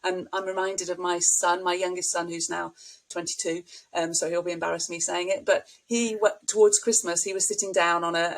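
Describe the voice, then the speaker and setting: A woman's voice: on the low side, poor audio. A middle-aged woman, a speech and language therapist, explaining child language with anecdotes as a podcast guest. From United Kingdom. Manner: warm explanatory, models child talk with anecdotes. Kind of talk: podcast interview.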